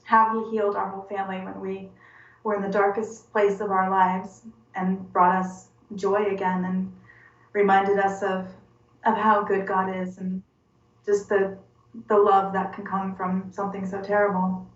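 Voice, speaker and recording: Halting, earnest woman in her forties. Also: medium pitch, monotone. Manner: halting and earnest, repeating words as she searches. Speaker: interview guest. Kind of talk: personal testimony interview. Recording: roomy, distant and dull-sounding.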